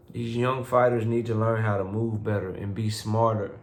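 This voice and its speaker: A man's voice: fairly low pitch, fairly even intonation, normal speed, hardly any pauses. Blunt, profane man ranting about boxing. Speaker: boxing commentary vlogger. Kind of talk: casual opinion rant. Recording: roomy echo.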